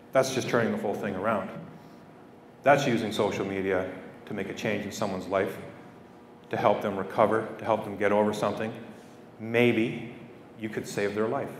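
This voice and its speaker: A middle-aged Canadian man addresses a school assembly in an earnest, heartfelt way, often repeating key phrases. His voice rings out through a big echoey hall. He is picked up from a distance, with a faint hum behind him. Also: lowish voice. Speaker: guest speaker. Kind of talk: public speech to students.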